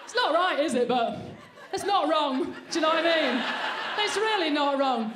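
A woman's voice: high-pitched, lively intonation, moderate pace, a crowd in the background, background noise. A woman doing a brash, sweary, self-mocking stand-up set on a comedy club stage. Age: 40s. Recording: roomy live venue sound.

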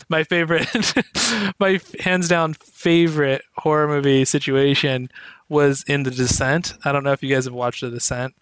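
A man chatting on a gaming podcast, telling stories with lots of energy and frequent laughter. His voice sits a little high, and the recording is close and dry, with no room sound. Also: moderate pace, clear, resonant tone, dry recording. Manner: animated storyteller, laughs often. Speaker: podcast co-host. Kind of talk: casual chat.

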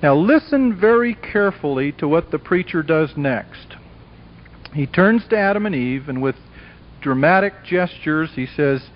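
A man's voice: on the high side, animated, unhurried. A man giving an evangelistic lecture to a live audience, delivering it dramatically and emphatically and acting out the voices of characters in a story. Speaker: Christian speaker. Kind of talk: evangelistic lecture with acted dialogue. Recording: dull lo-fi old tape recording.

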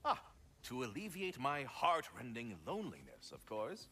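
An actor playing a fussy, pompous male squirrel spirit in a video game, speaking in florid, prim phrases and quick to get flustered. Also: mid-range voice, huge pitch swings, pushed and bright, slight background noise, exaggerated voice. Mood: haughty. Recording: game music behind the voice. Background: game music.

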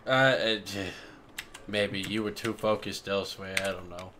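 A man's voice: fairly low pitch, steady tone, moderate pace, noisy background. A man joking and teasing his friend during casual co-op gameplay commentary. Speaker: gaming host.

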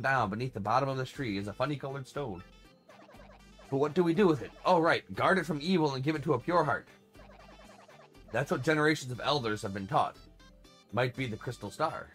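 A man's voice: mid-range voice, fairly bright tone, close to an everyday voice. A man reading the lines of a grumpy, bossy old female creature elder in a video game, scolding and crotchety.

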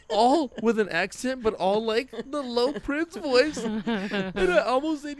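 A man's voice: sits high, lively intonation, takes it slowly. A man co-hosting a casual comedy podcast, telling crude stories and laughing often. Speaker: podcast co-host.

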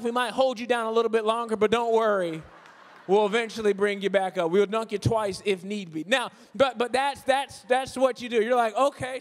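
A high-pitched man delivers a lively, joking sermon, slipping into the voices of different churchgoers as he talks. His voice rings out with the long reverb of a big church hall. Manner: animated, acts out voices of churchgoers, jokey asides. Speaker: guest preacher. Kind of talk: humorous conversational sermon. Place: large church sanctuary.

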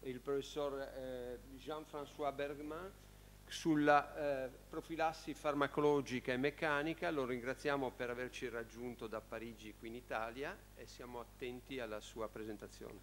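A man's voice: mid-range voice, fairly even intonation, moderate pace, slight background noise. A man chairing a conference session, formally introducing the next speaker with brief hesitations. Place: conference hall.

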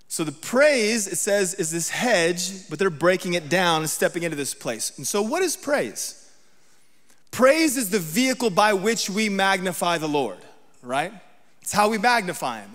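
A man's voice: high-pitched, a bit bright, in a large hall. A man giving a sermon as a guest preacher, talking conversationally and often checking in with the congregation. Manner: reads scripture aloud with emphasis.

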